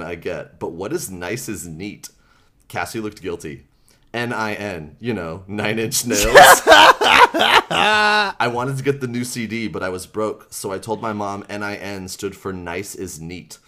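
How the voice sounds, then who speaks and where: Low-voiced man retelling a story, laughing. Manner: animated retelling, acts out quotes, laughs often, many fillers. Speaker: podcast host recapping a book. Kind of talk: casual comedic book recap.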